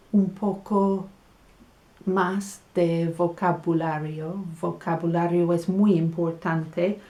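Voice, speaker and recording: A woman teaching a casual beginner Spanish lesson, chatty and laughing at her own jokes, slowing down on the Spanish words. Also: on the low side, a little mellow.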